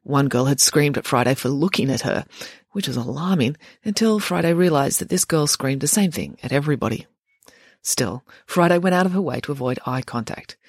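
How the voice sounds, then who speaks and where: An audiobook narrator, reading a story in an expressive, wry way. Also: mid-range voice, fairly quick, no room sound, clean studio sound.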